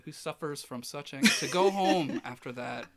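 Animated man telling an embarrassing story. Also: a little high, moderate pace. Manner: animated, self-deprecating, trails off into quiet embarrassment. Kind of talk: casual storytelling chat.

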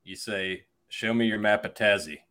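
A man's voice: lowish voice, normal speed, bright, forceful tone, faint music behind. Blunt man on a podcast. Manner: blunt, crude, dry. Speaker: podcast guest. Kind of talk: casual podcast banter.

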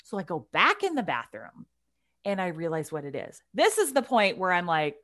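A woman in her forties telling a family story in casual chat, blunt and animated, swearing freely and restarting her telling. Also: lowish voice, moderate pace.

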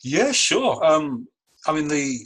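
Over a video call, a magician and breathwork coach talks slowly about his practice in a relaxed, thoughtful interview. His voice is fairly high, very animated, and a bit bright, and he often starts phrases over. The remote recording is low quality.

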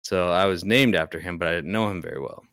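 A man's voice: deep voice, fast talker, a bit bright, smooth, no echo, clean studio sound. A young man casually telling a ghost story on a podcast, rambling and restarting often. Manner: rambling, hesitant, many restarts. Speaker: podcast guest.

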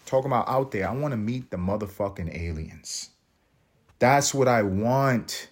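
A man with a low-set voice rambles through a solo podcast monologue, cursing freely and laughing at his own jokes. He often jumps up into a high, excited pitch to drive a point home. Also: moderate pace, husky. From Puerto Rican family, raised in US projects. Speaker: podcast host.

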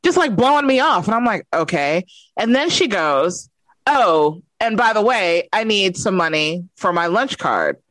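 A woman's voice: medium pitch, measured pace, no room sound. Mom telling a story about her kid, acts out the voices, dry close mic. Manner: expressive, acts out the dialogue. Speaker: mother, podcast guest. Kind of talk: casual storytelling.

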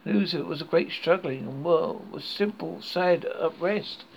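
Gravelly male horror story reader. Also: fairly high pitch, a little hiss or hum. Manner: halting, stumbles and repeats words. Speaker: horror podcast host and reader. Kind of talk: dramatic reading of a horror story. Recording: dull lo-fi recording.

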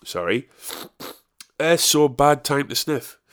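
Young Northern English man, lively swinging pitch, sweary casual monologue, stumbles and restarts. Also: slow, smooth. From North of England. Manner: animated, sweary, ranting with repeated restarts.

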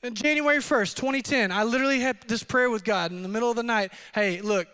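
A man in his thirties preaching a fervent sermon as pastor, swinging from hushed to shouting. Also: very high voice, fast, clear, resonant tone.

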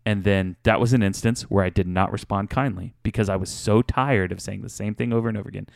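A man with a very low, gravelly voice shares a frank story from home, talking in a candid, confessional way. His voice is smooth and resonant, and it is recorded dry and close. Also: steady tone, quick pace, dry recording. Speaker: podcast co-host. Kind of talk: casual chat.

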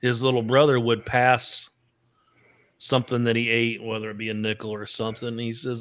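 A man's voice: mid-range voice, flat delivery, moderate pace, fairly bright tone. A man co-hosting a casual podcast, reading odd word origins and telling old jokes with a laugh. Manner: tells jokes and stories, laughs often. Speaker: podcast co-host. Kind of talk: casual chat.

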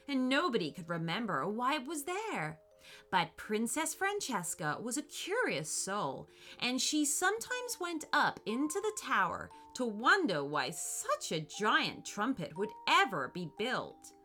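A woman reads a children's storybook aloud, taking her time and letting her voice rise and fall a great deal. Her tone is bright and clear, and soft music plays under her. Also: on the high side. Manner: expressive and unhurried. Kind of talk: bedtime storybook narration.

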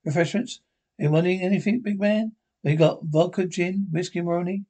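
Actors playing cheeky, bickering older Scottish pensioners in a broadcast sitcom, trading sweary banter. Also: male voice, high-pitched, moderate pace, mellow.

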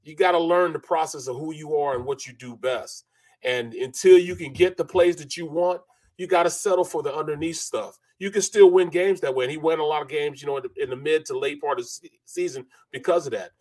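A man's voice: on the high side, fairly quick, darkish tone. Rambling middle-aged man on sports talk. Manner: rambling, loose delivery full of "you know" and restarts. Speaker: sports radio host.

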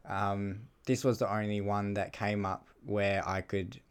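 A man's voice: fairly low pitch, monotone, a little slow, clear, resonant tone. A young man chatting as a podcast guest, laid-back and hesitant, swearing casually. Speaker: podcast guest, car salesman. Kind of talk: casual chat.

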